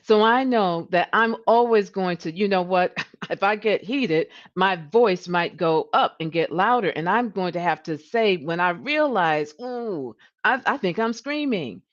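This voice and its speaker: A woman hosting a coaching livestream. She talks in an animated way, often restarts and repeats words, and her voice rises when she gets passionate. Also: lowish voice, unhurried, muffled recording. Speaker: leadership coach and livestream host. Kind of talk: coaching talk.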